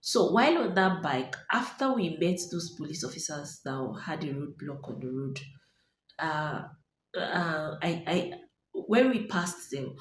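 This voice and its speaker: A young Nigerian woman vlogger dramatically retelling a story to her viewers, acting out voices and dropping to whispers. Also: sits low. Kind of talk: storytelling to camera. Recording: echoey room, faint ambient noise.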